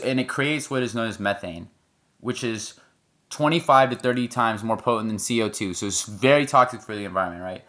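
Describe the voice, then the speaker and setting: A man talks straight to his viewers in a blunt, emphatic way, swearing freely as he makes his points. His voice sits at an everyday pitch for a man. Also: bright, forceful tone. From United States. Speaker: online commentator. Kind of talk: opinion commentary to camera.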